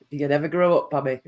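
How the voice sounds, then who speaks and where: A woman's voice: deep voice, darkish tone, dull audio. A woman co-hosting a live stream, chatting casually, teasing, laughing often and swearing.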